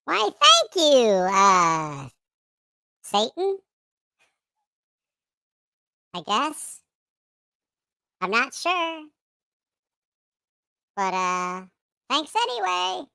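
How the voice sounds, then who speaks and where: A cute, squeaky high voice, bright and edged with fry, drawls along with wild pitch swoops. The tone stays polite and unsure. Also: male voice, huge pitch swings, very slow, pauses often, no room sound, full character voice. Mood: sheepish.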